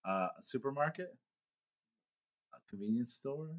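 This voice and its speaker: A man's voice: medium pitch, animated, unhurried, a crowd in the background. A man chatting casually during a guessing game, playful and joking, laughing often. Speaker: game player. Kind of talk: casual chat.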